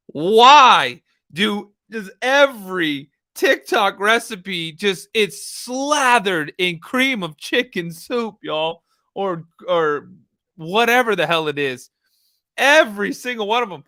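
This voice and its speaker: A man hosts a live true-crime stream, reacting to footage in an animated, swearing way and chatting with viewers. His voice sits high and sounds bright and forceful. The room sounds dry and close. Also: slow pace, no room sound. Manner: animated, swearing, laughing asides to chat.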